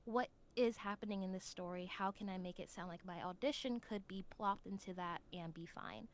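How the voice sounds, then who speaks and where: American woman, mid-pitched voice, podcast guest, chatty, filler-heavy, faint background noise. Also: moderate pace. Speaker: podcast guest, new voice actor. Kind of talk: casual podcast chat.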